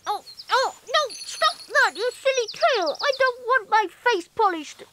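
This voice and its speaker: Polite, fussy wooden toy boy for a kids' cartoon, voiced by an actor, high and lively. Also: measured pace, background noise. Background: music.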